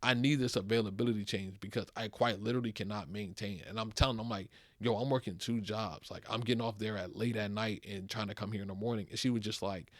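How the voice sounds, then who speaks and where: A young man hosting a podcast, telling a story in a casual monologue, venting and animated, with heavy slang and swearing, sounding worn out. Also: fairly low pitch, fast talker, hardly any pauses, dry recording, clean studio sound. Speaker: podcast host.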